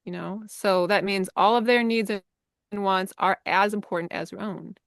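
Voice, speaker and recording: Warm reflective woman, dry sound. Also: mid-range voice, steady tone, normal speed, vocal fry, dry recording. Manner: warm, affirming, reflective, with gentle hesitations. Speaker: podcast guest, healer. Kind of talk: casual conversation.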